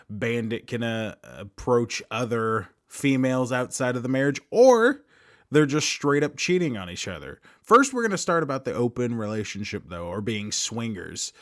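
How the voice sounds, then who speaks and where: A man's voice: medium pitch, no echo. Chatty man in his thirties, dry sound. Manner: chatty, laughs often, jumpy emphasis. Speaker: show host. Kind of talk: casual commentary monologue.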